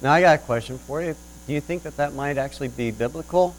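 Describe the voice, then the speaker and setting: A man's voice: on the high side, quick pace, slight background noise, low-quality recording. A man preaching a sermon as pastor, telling an illustration story in an earnest, rising and falling manner. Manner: earnest storytelling with lively swells.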